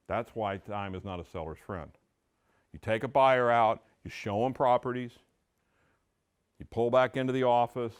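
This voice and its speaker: A man's voice: on the low side, moderate pace, smooth. A middle-aged man giving a training talk to real estate agents, telling stories and acting out the dialogue. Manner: animated storytelling, acting out dialogue.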